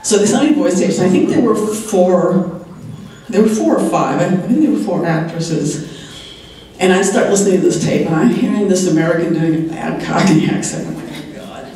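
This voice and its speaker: A woman in her sixties tells stories on a convention panel as a TV writer, chatting and laughing often, her voice a little hoarse. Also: on the low side, moderate pace, mellow. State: slightly hoarse, clearing her throat. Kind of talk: anecdotal convention talk. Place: large convention hall. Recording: very echoey hall, voice heard from far off.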